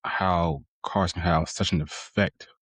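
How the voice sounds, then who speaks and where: Guy hosting a chill interview, really low voice, kinda husky. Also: takes it slowly, dry recording. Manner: relaxed, reflective, casual slang. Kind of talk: casual interview chat.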